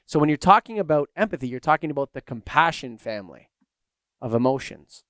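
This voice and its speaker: Male podcast co-host, animated storyteller, high-ish smooth voice, dry close mic. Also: fairly quick, no echo. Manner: animated storyteller, acts out anecdotes. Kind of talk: casual chat.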